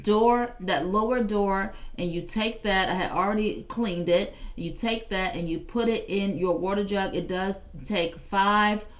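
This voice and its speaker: A woman's voice: medium pitch, steady tone, unhurried, hardly any pauses. A woman hosting a casual live shopping stream, chatting to viewers and reading out their comments. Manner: chatty, addresses viewers directly, reads out chat comments. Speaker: live shopping show host.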